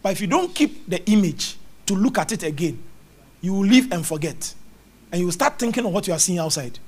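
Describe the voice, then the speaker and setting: Prophet guy preaching, high voice that swings all over, does little voices and sound effects, laughs and shouts. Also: expressive, a little fast. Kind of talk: lively charismatic sermon.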